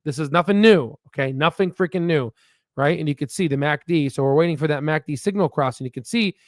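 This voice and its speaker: A man's voice: on the high side, brisk. A man with a somewhat raised voice talks casually over stock charts. He rambles, repeats words, and leans on "you know" and "right?" as he pushes his viewers. The sound is dry, with no room echo. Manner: pushy motivational tone. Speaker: stock market YouTuber. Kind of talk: casual stock analysis commentary.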